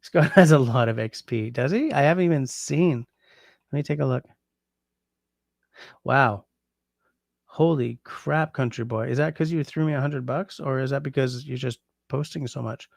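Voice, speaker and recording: A man hosts a relaxed livestream, chatting with viewers and musing over how to put phrases into French. His voice has a gravelly edge. The sound is close and dry, with no room around it. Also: medium pitch, normal speed, long pauses, no echo. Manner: muses aloud, trying out French translations. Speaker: livestream host. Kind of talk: casual livestream chat reading comments.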